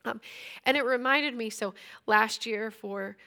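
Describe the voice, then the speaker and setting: A woman's voice: a little high, measured pace, vocal fry, pushed and bright. A woman in her thirties teaching a Bible passage in a casual, conversational way. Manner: conversational, retells scripture in everyday speech.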